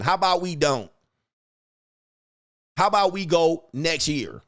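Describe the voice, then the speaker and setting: A male host talks in a loose, crude livestream rant, boastful and full of swagger. His voice sits a bit higher than most men's, and he sounds cocky and unfiltered throughout. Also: animated, unhurried, fairly bright tone. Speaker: show host.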